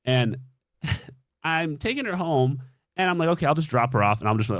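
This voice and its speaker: A man's voice: a little high, expressive, normal speed, no echo, studio quality. A young man casually telling a dating story on a stream, swearing freely and acting out his own reactions.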